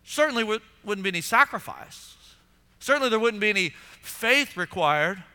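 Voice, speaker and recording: A man's voice: high-pitched, moderate pace, clean tone. A man preaching a sermon in a church and acting out the voices of onlookers. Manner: animated preaching, acts out voices of listeners. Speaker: pastor. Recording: long hall reverb.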